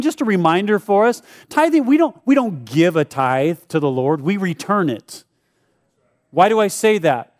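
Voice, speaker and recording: A middle-aged man, a pastor, talking casually and jokingly to his congregation about giving, acting out short prayers. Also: sits high. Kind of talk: church giving talk to a congregation. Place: church service before a live congregation.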